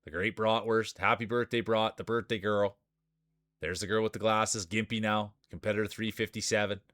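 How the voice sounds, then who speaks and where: A streaming marble race commentator speaks in a lowish, fairly bright voice with fairly even intonation and a moderate pace. He calls the action like a sports announcer and adds chatty remarks to viewers, with no room sound.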